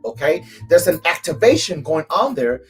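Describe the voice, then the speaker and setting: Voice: mid-range voice, big pitch swings, normal speed, soft background music. A spiritual coach from Cuba giving a live tarot reading, emphatic and chanting repeated phrases.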